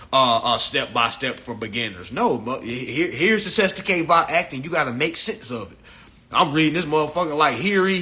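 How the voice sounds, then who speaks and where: Man, live stream teacher, bright forceful voice, blunt and profane. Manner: profane, blunt, lecturing, animated swings in pitch. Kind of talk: casual live stream lecture.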